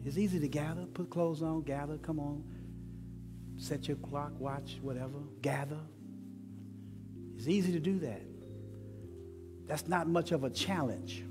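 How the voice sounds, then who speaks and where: A male pastor, preaching a sermon in repeated rising questions that swell and fall. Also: a little high. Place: church sanctuary. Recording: long church reverb with music. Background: instrumental music.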